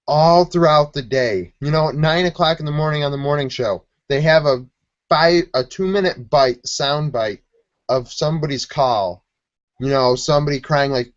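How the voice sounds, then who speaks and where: A man's voice: on the high side, measured pace, no echo, dull audio. A man from Buffalo co-hosting a sports podcast, telling stories in casual chat and acting out quotes as he goes. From Buffalo, New York. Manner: rambling, animated storytelling with quoted voices.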